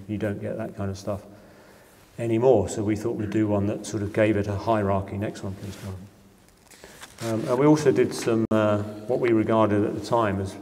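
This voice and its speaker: A man's voice: lowish voice, warm tone, slight background noise. A middle-aged man, a property developer, giving an informal public lecture in a conversational way, full of "you know" and "uh". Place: lecture hall. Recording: long hall reverb.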